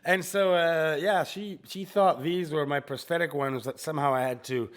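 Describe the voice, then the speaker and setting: A man co-hosting a podcast in casual chat, telling animated, joking stories while recovering from chemotherapy. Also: on the high side, moderate pace. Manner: animated storytelling, jokey. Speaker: podcast co-host.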